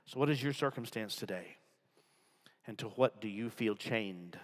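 Man, pastor, sermon, whispers then loud emphatic preaching, long church reverb. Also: on the low side, moderate pace. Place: large church with balcony.

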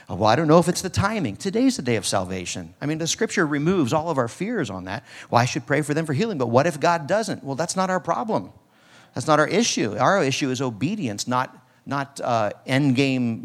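Man, preacher, church sermon, casual animated delivery, mid-pitched voice. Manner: animated, conversational preaching with acted-out quotes. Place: church sanctuary.

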